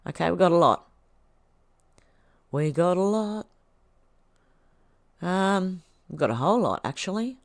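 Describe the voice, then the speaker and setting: A woman's voice: lowish voice, lively intonation, unhurried, pauses often, dry recording. A woman hosting a livestream, reading posts aloud and reacting in a chatty way. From Australia. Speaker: livestream host.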